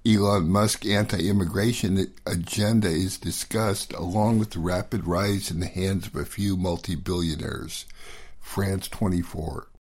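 A man hosting and producing a news review radio show, reading a script in a measured, steady way. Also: low-pitched.

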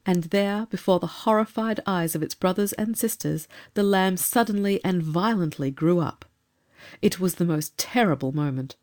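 A woman reading a storybook aloud as narrator, measured and expressive. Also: on the low side. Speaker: audiobook narrator.

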